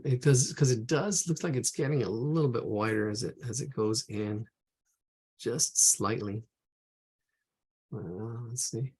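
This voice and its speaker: Gravelly, husky-voiced man teaching drawing. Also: mid-range voice. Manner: thinks aloud, rambling. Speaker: art instructor. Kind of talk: live drawing lesson.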